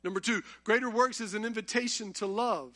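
A man's voice: high voice, a little fast, bright, forceful tone. A man preaching a sermon, talking conversationally and building to impassioned emphasis.

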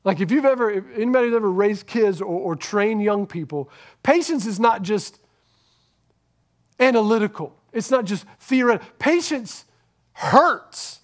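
A man with a high, light voice preaching a sermon in a church. He is earnest, pushing some lines out loudly and dropping others to a hush that is almost a whisper. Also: moderate pace. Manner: earnest, swings from loud emphasis to hushed near-whisper. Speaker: pastor.

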